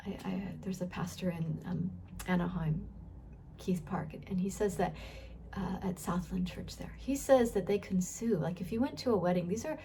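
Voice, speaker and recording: A woman teaches scripture in a relaxed, conversational way. She thinks aloud, often restarts and repeats words, and keeps putting questions to her listeners. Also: medium pitch, vocal fry, slight background noise. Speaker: Bible teacher. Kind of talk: casual Bible teaching.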